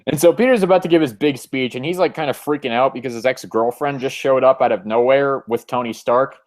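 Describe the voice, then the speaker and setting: A man's voice: mid-range voice, a little fast. A man hosting a casual comic review, recapping the plot and reading the dialogue aloud. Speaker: podcast host.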